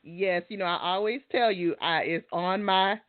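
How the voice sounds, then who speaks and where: A woman's voice: on the low side, moderate pace, no echo. A woman hosting a casual interview in a loose, friendly, conversational way. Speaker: host. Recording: dry phone-like sound.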